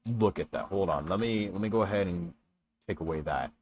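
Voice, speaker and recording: A man's voice: low voice, fairly quick, a little hiss or hum. A young man chatting casually with viewers on a gaming livestream from his room, laid-back and talkative, greeting people as he plays. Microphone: stream microphone.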